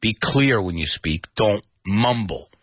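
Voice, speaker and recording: In a radio studio, a man with a lowish voice works as both DJ and teacher, hosting an English lesson at a slow pace. He is animated and demonstrative, spelling out words and acting out their meanings, on a dry, lo-fi recording.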